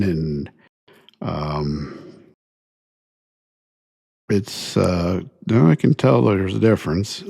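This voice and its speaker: A deep-voiced, gravelly middle-aged man with a drawl, talking slowly in a husky tone. He sounds tired and sore after surgery and wanders through his story with plenty of ums and uhs. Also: darkish tone. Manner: rambling, many fillers, retells dialogue. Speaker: podcast host. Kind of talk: casual first-person storytelling.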